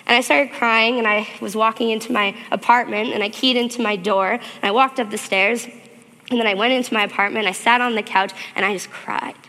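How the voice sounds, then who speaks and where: Woman church speaker, testimony sermon; bright, gravelly voice, earnest and animated, with long church-hall reverb. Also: on the high side, brisk.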